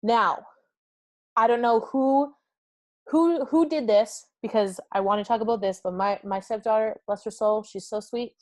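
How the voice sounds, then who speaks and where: A woman hosting a live-streamed motivational talk, energetic and effusive, laughing often and reading viewers' comments aloud. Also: fairly high pitch, normal speed, no echo. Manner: talks directly to viewers and reads comments aloud. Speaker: summit host.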